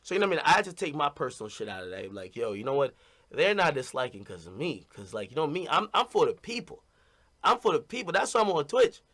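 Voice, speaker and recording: A man's voice: a little high, sing-song, fast talker, fairly bright tone. A man talking casually and bluntly to his stream audience, rambling and repeating "you know what I mean".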